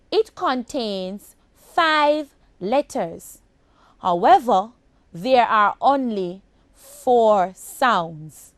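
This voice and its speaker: A woman teaching a phonics lesson to children on broadcast television, speaking slowly and enunciating each sound with care. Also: a little high, animated, dry recording. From Jamaica. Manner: slow, deliberate, clearly enunciated.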